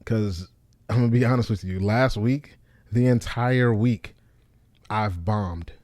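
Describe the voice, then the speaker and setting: A man who is a stand-up comedian, talking casually to camera in a low, deep, monotone voice with loose fillers. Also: takes it slowly, no echo. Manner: loose, repeats himself with fillers like "you know what I'm saying".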